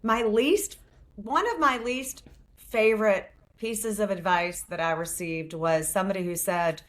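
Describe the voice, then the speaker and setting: A middle-aged family law attorney and author speaks frankly as a guest in a casual interview, telling stories plainly. Her medium-pitched voice is fairly bright in tone and a little slow.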